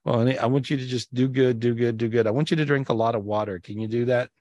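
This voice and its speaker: A man's voice: medium pitch, steady tone, fast, no room sound. Here is an effusive man who keeps repeating himself, hosting a live healing session over a video call. His voice comes through dry and close, with no room around it. He sounds affectionate and eager. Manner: warm, effusive, repeats phrases. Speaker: spiritual healer and show host.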